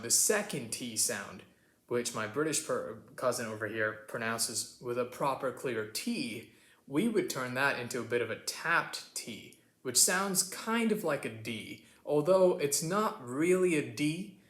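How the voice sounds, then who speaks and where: A man's voice: mid-range voice, a bit bright, roomy sound. An American man teaching a casual pronunciation lesson, explaining sounds and repeating them as examples. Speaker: accent teacher.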